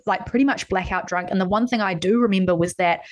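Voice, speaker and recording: A podcast host chats candidly in a quick, mid-range voice, swearing freely as she tells personal stories in a casual conversation.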